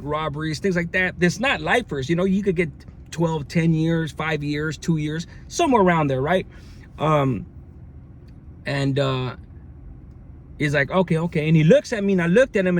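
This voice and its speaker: A man telling a story from his time in jail in a casual, slang-heavy way, with many fillers and restarts. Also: a little high. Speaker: storyteller recounting jail experience. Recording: faint background noise.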